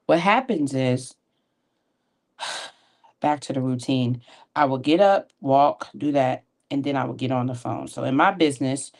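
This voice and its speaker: Low, warm-voiced woman chatting at her vanity. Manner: animated and encouraging, folksy asides. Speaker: beauty vlogger and sales consultant. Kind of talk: chatty motivational talk while doing makeup. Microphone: tablet camera at her vanity.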